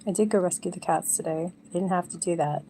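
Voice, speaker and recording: A woman with a gravelly, low voice rambling through a casual live stream. Her tone is dark and mellow, and it comes from a phone she carries around her home at night. Faint crickets and ambience hum behind her. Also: fast. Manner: rambling, candid, drifts into whispers at times. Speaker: livestreamer.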